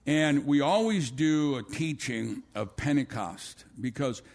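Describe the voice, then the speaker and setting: Gravelly pastor telling a story. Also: male voice, medium pitch, expressive, slow, a little mellow. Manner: rambling storytelling with many restarts. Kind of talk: sermon. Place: church.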